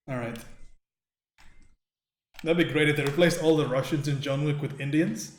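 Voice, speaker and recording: A man's voice: on the high side, moderate pace, pauses often. Joking man streaming in a roomy room. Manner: joking, profane, reacts to chat. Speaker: livestream host. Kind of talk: casual live-stream chat while drawing. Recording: roomy echo with faint music.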